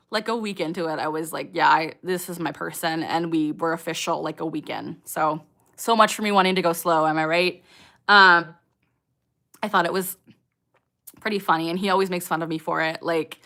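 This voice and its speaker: A young woman hosts a late-night livestream, reading chat questions aloud and answering in a chatty, giggly way packed with fillers. Her voice sits lowish and sounds bright and forceful.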